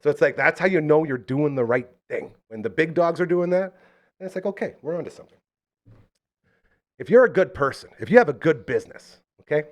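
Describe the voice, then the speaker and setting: A man's voice: fairly high pitch, expressive, fairly quick. A man hosting a live local podcast, chatting casually and rambling through enthusiastic sponsor plugs. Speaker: podcast host.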